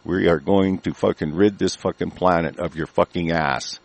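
A man hosting his own show, delivering an angry, profane rant. He breaks into shouted bursts and stumbles through halting restarts. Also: low voice, fairly even intonation, creaky, dry recording. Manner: halting, many ums and restarts. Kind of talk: profane ranting commentary.

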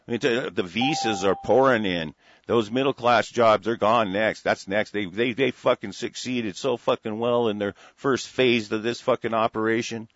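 A man's voice: fairly low pitch, normal speed, a bit bright. A man delivering an angry, heated monologue, full of profanity and restarted phrases. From United States. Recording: dry, dull lo-fi recording.

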